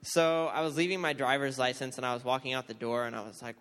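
A man's voice: medium pitch, quick pace. A young man casually telling a mission trip story in a church hall, acting out the dialogue as he goes. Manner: animated storytelling, acts out quoted dialogue. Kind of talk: casual testimony talk. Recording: reverberant hall.

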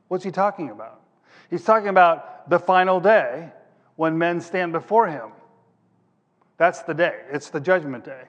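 Slightly high and a bit bright, a man's voice at moderate pace carries through the long reverb of a large hall. He's preaching a sermon, reading scripture, explaining it plainly, and hunting aloud for passages as he thinks.

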